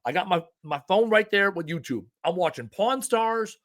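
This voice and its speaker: A lively male podcast host with a fairly high voice that swings widely in pitch. He talks in an emphatic, folksy way and swears without a second thought, keeping the chat loose and casual. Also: moderate pace. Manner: animated, emphatic, folksy and profane.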